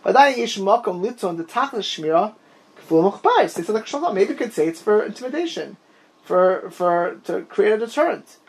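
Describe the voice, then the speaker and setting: Animated man teaching a Torah class. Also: high voice. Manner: animated, digressive, quick bursts of storytelling. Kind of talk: informal Talmud class discussion.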